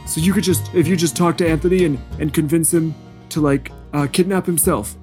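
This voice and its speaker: A man's voice: on the high side, fairly even intonation, a little fast, mellow, soft background music. A man playing a tabletop game, speaking hesitantly and often restarting his sentences. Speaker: player. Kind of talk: tabletop role-play.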